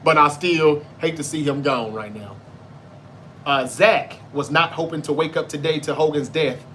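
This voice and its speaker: Bright-voiced Southern man, loose and profane. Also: a little high, moderate pace, slight background noise. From Memphis, Tennessee. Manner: loose, profane, talks straight to viewers. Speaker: livestream show host. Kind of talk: casual chat reading viewer comments.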